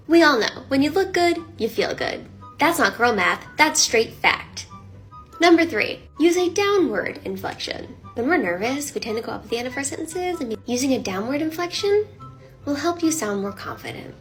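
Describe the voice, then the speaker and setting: A woman's voice: sits high, animated, moderate pace, faint music behind. A woman content creator giving career advice in punchy, upbeat, emphatic tips. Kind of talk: comedic tips and skits.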